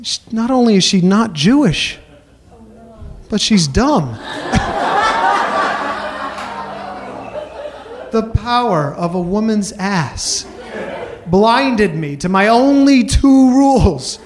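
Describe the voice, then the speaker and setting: Guy with a pretty high voice doing a funny stage story, keeps restarting himself, deadpan self-roasting jokes. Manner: rambling, halting restarts, self-mocking punchlines. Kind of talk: comic live storytelling.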